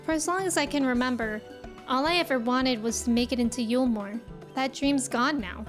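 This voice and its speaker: A plain-spoken young commoner who is eager to help, read aloud by a woman in her own high voice. The talk is casual and down to earth, as a fantasy game character. Faint music plays behind. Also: moderate pace, lightly acted. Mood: earnest.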